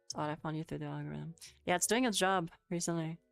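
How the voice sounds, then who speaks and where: A woman's voice: deep voice, fast, creaky. A woman streaming a casual Japanese lesson on a headset, answering chat with giggles and swearing. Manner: giggly, swears, chatty and loose. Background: faint music playing.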